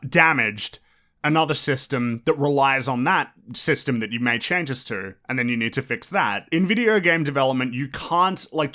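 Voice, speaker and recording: Man, casual commentary, crisp bright tone, animated, swears freely, restarts a lot. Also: medium pitch. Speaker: podcast host.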